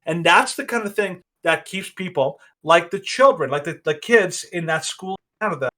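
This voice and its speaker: Bright-voiced man ranting on a podcast. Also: sits high, expressive, moderate pace. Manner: rambling, restarts often, opinionated. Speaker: podcast host. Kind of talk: casual podcast commentary.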